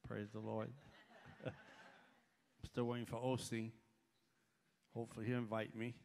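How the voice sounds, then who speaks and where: A man preaching as a guest in a church, animated, his voice climbing as he tells a story, repeating himself and restarting his sentences often. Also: mid-range voice, measured pace, creaky, slight background noise. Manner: animated, voice rising when telling stories. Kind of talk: sermon. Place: church hall.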